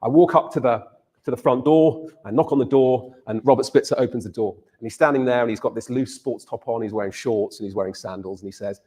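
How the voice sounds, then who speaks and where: A man's voice: medium pitch, a little fast, warm tone. A male university lecturer giving a lecture and telling a story, repeating words as he starts his phrases.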